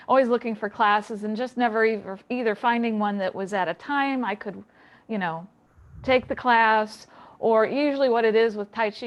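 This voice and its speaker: A middle-aged woman, a tai chi instructor, telling her story as a guest in a relaxed, reflective way with light laughs, calling in from a home basement. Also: on the high side. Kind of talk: remote interview, personal story.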